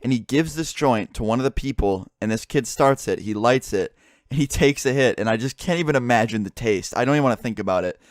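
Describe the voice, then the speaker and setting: A man's voice: medium pitch, quick pace, dry recording, studio quality. A young man casually telling a story, swearing often and acting out what his friends said. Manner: swearing, animated retelling with quoted dialogue.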